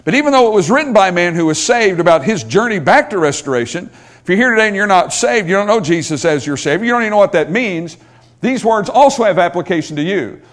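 A man's voice: sits high, lively intonation, quick pace, fairly bright tone. A male pastor preaching a sermon, building in intensity and pleading when he quotes scripture.

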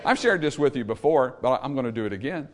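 A man preaching a Baptist sermon, emphatic, swinging between loud peaks and low trailing endings, calling for amens from the congregation. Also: expressive, fast. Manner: calls for amen from the congregation. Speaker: Baptist pastor.

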